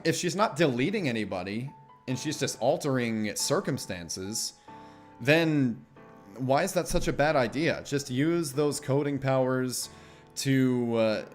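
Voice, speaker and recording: A man streaming himself as he reads a visual novel aloud and comments on it casually, with wry asides and some swearing. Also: medium pitch.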